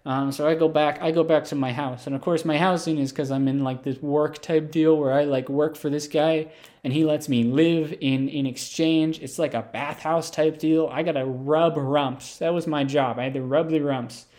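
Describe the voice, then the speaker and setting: A man with a fairly high voice spins an improvised comic monologue. He rambles and doubles back, with lots of "you know" and "right?". His deadpan delivery treats the nonsense as plain fact. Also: normal speed. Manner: rambling, absurd, deadpan, full of fillers and asides. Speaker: comedic storyteller.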